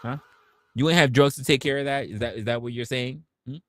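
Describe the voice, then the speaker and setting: A man's voice: mid-range voice, brisk, fairly bright tone. A man hosting a livestream, talking in a casual rant full of rhetorical questions, profanity and stammered restarts. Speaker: livestream host.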